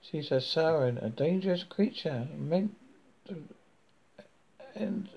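Man reading a frosty old lady, slow-spoken, gravelly edge, slightly raised voice. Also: on the high side, expressive, a little mellow, heavily acted. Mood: cold. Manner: cold, firm, measured. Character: cold, stern elderly woman protecting a siren.

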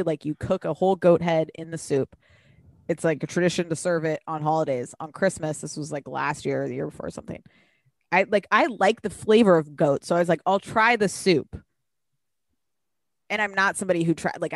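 A woman co-hosting a podcast, talking casually, an animated storyteller who swears freely. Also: fairly low pitch, fairly quick, no echo, studio quality. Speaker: podcast co-host. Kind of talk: casual chat.

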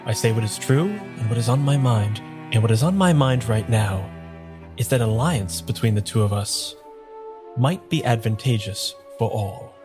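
Man doing a stiff gentleman lieutenant, formal, calculating, mid-pitched, cello music behind. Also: lively intonation, lightly acted. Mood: scheming. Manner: formal, measured and scheming.

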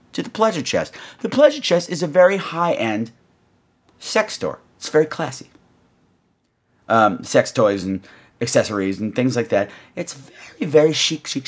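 A man's voice: mid-range voice, breathy edge. A man hosting a podcast, telling a comic story and swooping in and out of voices. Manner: animated, swoops into voices and gasps. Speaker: podcast host.

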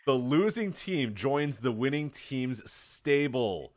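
Lively, joking man co-hosting a podcast. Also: medium pitch, takes it slowly. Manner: chatty, laughs often, jokey. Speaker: podcast co-host. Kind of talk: casual chat.

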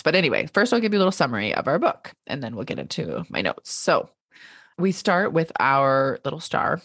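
A woman's voice: low-pitched, dry recording, clean studio sound. A woman in her thirties co-hosting a podcast, chatting expressively and laughing often as she discusses a manuscript. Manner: expressive, lively, laughs often, reads quotes aloud. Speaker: podcast co-host and literary agent. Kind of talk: casual podcast chat.

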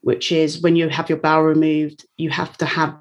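A woman's voice: low voice, completely flat delivery, normal speed. A woman, a guest on an interview, telling a personal story openly and emotionally, laughing now and then. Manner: candid, emotional, laughs often.

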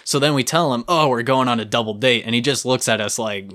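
A man's voice: mid-range voice, brisk, a bit bright. A young man with a mid-range voice co-hosts a casual podcast. He tells the story vividly and playfully and adds scene-setting detail. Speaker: podcast co-host.

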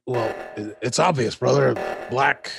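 A man's voice: mid-range voice, a little slow, over music, pitched below the performer's own voice. A man doing a comedic impression of a brash, boastful male wrestler who ends his lines with brother. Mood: blustering. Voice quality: gravelly. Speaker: podcast co-host. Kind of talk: comedic impression in podcast banter.

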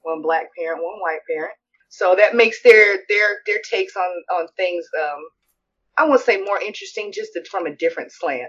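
A woman co-hosting a podcast, chatting in a relaxed, thoughtful way with some hesitations. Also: medium pitch, moderate pace, muffled recording. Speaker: podcast co-host. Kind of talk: casual chat.

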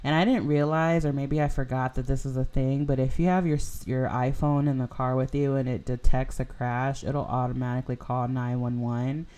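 A woman's voice: a bass voice, fairly even intonation, normal speed, few pauses, mellow. A young woman hosting a podcast, telling a personal story in a casual, rambling way full of "like" and "you know". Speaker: podcast host.

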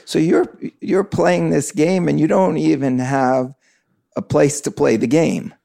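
A man's voice: on the high side, unhurried, vocal fry, dark tone, no room sound, clean studio sound. A man interviewing a guest, asking reflective and probing questions.

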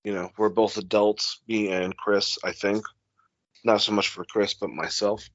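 A man's voice: lowish voice, flat delivery, a little slow, no room sound, dull audio. A young man co-hosting a casual podcast, laid-back and rambling, swearing casually. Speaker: podcast co-host.

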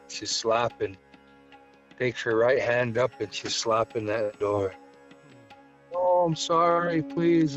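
Man telling a ghost story, slow, halting, fillers, muffled sound, faint music. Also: medium pitch. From Blackfeet reservation, Montana, US. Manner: halting, unhurried, many fillers and restarts. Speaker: guest storyteller.

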